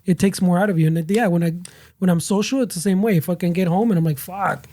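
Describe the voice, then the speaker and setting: A man's voice: high-pitched, fast talker, warm tone. A laid-back man in casual podcast chat, swearing and switching into Spanish. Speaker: podcast co-host.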